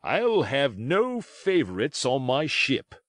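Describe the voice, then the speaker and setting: A man's voice: fairly high pitch, huge pitch swings, takes it slowly, no echo, pitched above the performer's own voice, full character voice. A man voicing a stern middle-aged ship's captain who gives clipped, commanding orders.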